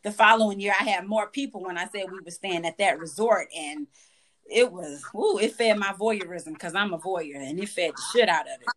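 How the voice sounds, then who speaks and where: A young woman hosting a podcast, telling a story in a lively, profane way and acting out the voices of the people in it, often laughing. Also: medium pitch, moderate pace. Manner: animated, profane, acts out quoted voices with laughter. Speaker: podcast host. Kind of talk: casual storytelling chat.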